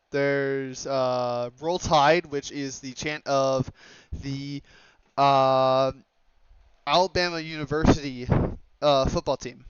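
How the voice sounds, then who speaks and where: A man's voice: mid-range voice, smooth, no room sound. A young man from Oregon giving a slide presentation on dialect maps, hesitant with many fillers and self-corrections. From Oregon, USA. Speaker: student presenter. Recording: slightly dull lo-fi mic.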